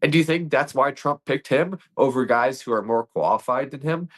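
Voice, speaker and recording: A man's voice: medium pitch, brisk. A man co-hosting a casual political chat, ranting earnestly in long runs full of rhetorical questions. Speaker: podcast co-host.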